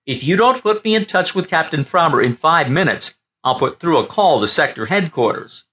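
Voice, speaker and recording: A man's voice: fairly high pitch, animated, moderate pace, bright, forceful tone, voice pushed up. A man voicing a nervous ship navigator in an audiobook, anxious and pleading. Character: nervous male ship navigator near tears.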